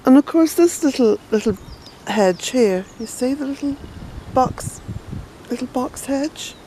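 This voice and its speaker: An Irish woman chatting her way through a garden tour outdoors, fond and unhurried, with bursts of indignation. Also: sits high, lively intonation, mellow, slight background noise, low-quality recording. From Ireland. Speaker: smallholder and author giving a garden tour. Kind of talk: casual walking garden tour.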